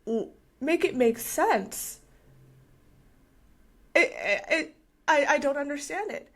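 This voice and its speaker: High-voiced, indignant woman podcast co-host. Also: animated, slow pace. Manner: indignant, forceful and insistent. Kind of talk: casual podcast chat.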